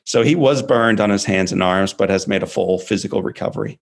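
A man in his forties with a gravelly, fairly low voice, telling a personal story in an interview. He talks in an emphatic, animated way and leans hard on key words. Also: fairly quick. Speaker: guest speaker.

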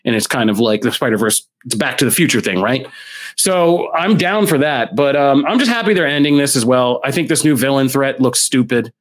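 A man's voice: mid-range voice, a little fast. A man co-hosting a podcast, giving blunt, opinionated takes in casual comics chat. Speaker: podcast co-host.

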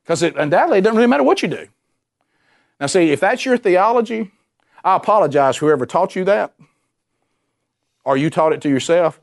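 A man preaching a sermon, animated and emphatic, repeating himself and dropping suddenly to a quiet voice. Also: fairly high pitch, brisk, vocal fry, long pauses. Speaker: pastor.

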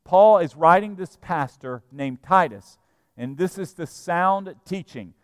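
A man preaching a sermon as pastor, emphatic and animated, sometimes acting out the people he describes. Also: high-pitched, measured pace, clear, resonant tone, no room sound, studio quality, long reverb tail. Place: church sanctuary.

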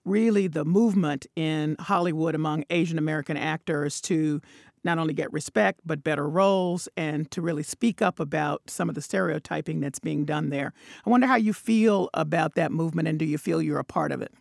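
A man hosting an interview, asking measured, courteous questions. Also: on the high side, vocal fry, dry recording, studio quality. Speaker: interview host. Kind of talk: radio-style interview.

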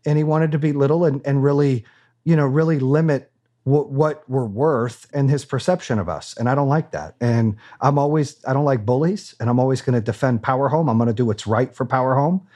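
A man's voice: mid-range voice, fairly quick, mellow. A man being interviewed as a business owner, talking candidly in a blunt, profane and fired-up way.

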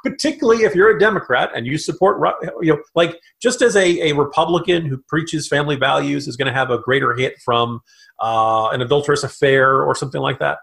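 A man co-hosting a political podcast, chatting animatedly in quick bursts with asides. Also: a little high, vocal fry, fairly bright tone. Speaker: podcast co-host. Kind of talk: political commentary chat.

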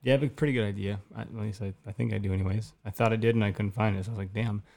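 A man in his thirties from Wisconsin, co-hosting a podcast and telling an excited story in casual chat, with lots of restarts. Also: on the low side, racing, creaky. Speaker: podcast co-host.

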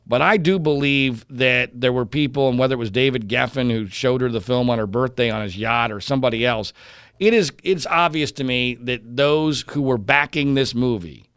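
A man rants through an opinion commentary with a bright, sharp tone. His pitch leaps around as he mocks the other side and stumbles over restarts. The recording is dry and close. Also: no echo. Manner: animated and indignant, mocking voices, frequent restarts.

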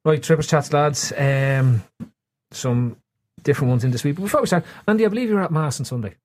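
A man's voice: fairly high pitch, a little fast, a little mellow. A man hosting a casual podcast, steering the chat and asking joking questions. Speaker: podcast host.

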